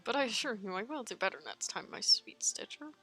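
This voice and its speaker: A woman's voice: a little high, animated, fairly quick, pushed and bright, slightly rough, soft background music, exaggerated voice. A woman voicing a shy, sensitive male spirit suitor in a game playthrough, earnest and apologetic. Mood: tender. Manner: earnest, apologetic, tearful pleading.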